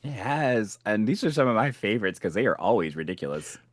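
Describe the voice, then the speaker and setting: A man co-hosting a podcast, chatting about a TV episode with quick, teasing quips. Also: lowish voice, big pitch swings, no room sound, studio quality. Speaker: podcast co-host. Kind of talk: casual chat about a TV episode.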